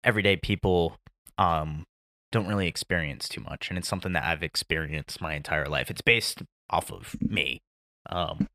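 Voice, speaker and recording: A man's voice: deep voice, normal speed, pushed and bright. A man hosting a podcast, chatting casually and hesitantly with many ums. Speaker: podcast host. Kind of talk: casual chat.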